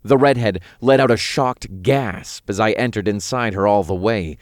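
Low-voiced male story narrator. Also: normal speed, no echo, studio quality. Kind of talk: scripted first-person narration.

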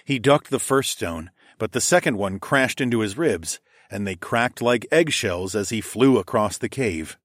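A man with a fairly low voice narrates a violent fantasy audiobook, measured and dramatic. The recording is very dry and close, with no room sound at all. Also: lively intonation, no echo.

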